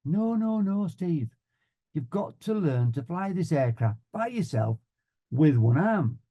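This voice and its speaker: A man voicing a calm, blunt male flying instructor with a broad Yorkshire accent and clipped orders. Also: on the high side, slow, muffled recording, pitched above the performer's own voice, full character voice. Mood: firm. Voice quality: clipped, matter-of-fact orders.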